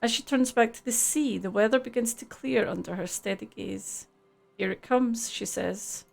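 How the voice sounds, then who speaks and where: A woman's voice: on the high side, normal speed, creaky, faint music behind. A woman streaming a game live, chatting casually, laughing easily and reading the game's text aloud.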